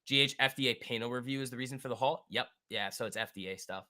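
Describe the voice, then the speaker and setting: A man hosting a live stock trading stream, thinking aloud and answering chat in an excitable, quick way. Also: medium pitch. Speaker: stock trading livestream host. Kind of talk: live market commentary reading chat.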